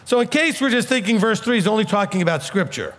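A man with a New York accent preaching a sermon as a Messianic rabbi, blunt and emphatic, swinging from loud to low. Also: expressive, quick pace, in a large hall.

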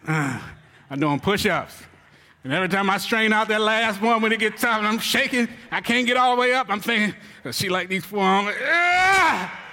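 High, bright-voiced man preaching in a hall. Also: fairly quick. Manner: animated, joking and teasing the congregation. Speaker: church elder. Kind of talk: humorous sermon on marriage. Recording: reverberant hall.

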